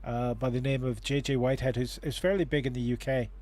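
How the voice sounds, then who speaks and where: A man hosts a casual livestream chat about relationships, in a voice pitched in the middle range for a man. He rambles, stopping and restarting his sentences and filling gaps with "uh". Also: fairly even intonation, quick pace, darkish tone. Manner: rambling, with many restarts and fillers. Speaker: host.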